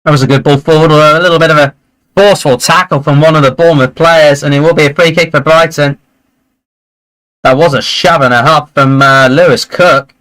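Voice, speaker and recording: Man, watchalong host, bright clear voice, excitable chatty commentary. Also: fairly high pitch, fairly quick, poor audio. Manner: excitable, chatty, reacts loudly to play. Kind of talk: live match commentary and chat.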